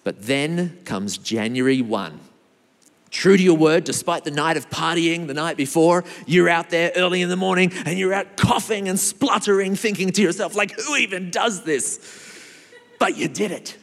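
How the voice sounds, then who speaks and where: A man preaching a sermon as pastor, lively and animated, with big swings in his delivery. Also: sits high, vocal fry. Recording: long hall reverb.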